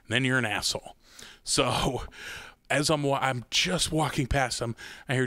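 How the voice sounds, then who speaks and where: A man's voice: mid-range voice, big pitch swings, moderate pace, a bit bright, no room sound, studio quality. A man co-hosting a podcast, from the American Midwest, telling a story in casual chat, swearing freely and acting out the voices he quotes. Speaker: podcast co-host.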